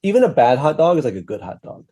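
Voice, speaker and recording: A man co-hosting a casual podcast chat, relaxed and chatty, laughing easily. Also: a little high, quick pace, husky. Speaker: podcast co-host.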